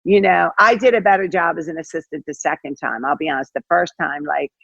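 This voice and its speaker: An older woman, a head basketball coach, chatting as an interview guest, telling stories in an animated way with lots of fillers and acted-out quotes. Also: deep voice, fairly quick, creaky, dry recording, highs cut off. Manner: animated, acts out quoted dialogue, many fillers. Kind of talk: casual interview storytelling.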